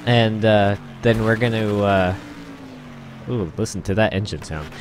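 A man's voice: on the low side, unhurried, background noise. A man hosting a gaming channel, giving rambling let's-play commentary with lots of laughter and exclamations. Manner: excitable, laughs and exclaims often; rambling, repeats himself.

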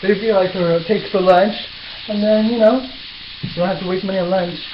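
A man's voice: high voice, steady tone, fairly quick, noisy background. A young man chatting casually through a cooking vlog in his apartment kitchen, self-mocking, swearing and yelping, recorded on a lo-fi camera mic. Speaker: cooking vlogger. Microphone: built-in camera mic. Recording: roomy, dull lo-fi camera sound.

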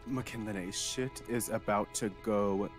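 Sassy role-play man over loud music. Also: lowish voice, fairly even intonation, slow pace. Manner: sassy, gossipy, calls people girl and baby. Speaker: fellow role-play player. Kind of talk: live game role-play.

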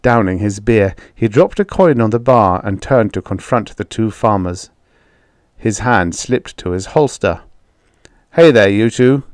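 Brief: male audiobook narrator, slightly low voice, measured delivery, dry close mic. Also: no room sound. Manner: measured, even storytelling. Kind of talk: scripted story narration.

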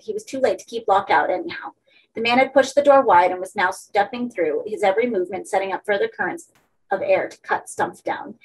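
A woman narrating a horror story for an audiobook in a steady, measured way. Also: mid-range voice, husky, low-quality recording.

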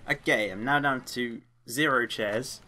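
A man's voice: medium pitch, unhurried, bright, forceful tone. A man doing casual let's play commentary, chatty and rambling, drifting off into tangents and singing along to music. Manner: rambling, chatty, easily sidetracked. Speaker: gaming video creator.

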